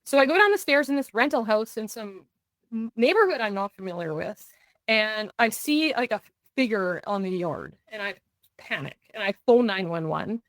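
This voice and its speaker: Speaking at a normal speed with lively intonation, this middle-aged woman's mid-range voice tells a personal story as a podcast guest. She recounts it earnestly, often slipping into quoted dialogue, with restarts and fillers at tense points. The recording is dry.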